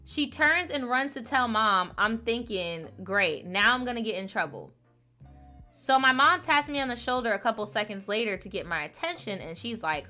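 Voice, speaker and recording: A woman's voice: mid-range voice, lively intonation, normal speed, sharp tone, faint music behind. A woman hosting a casual show, reading viewer stories aloud and chatting with playful asides and lots of fillers.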